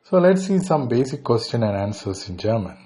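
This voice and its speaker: His voice is mid-range, mellow, and very animated, with an Indian English accent; he's a man from India. Teaching beginners a language, he repeats every phrase slowly and then gives its translation.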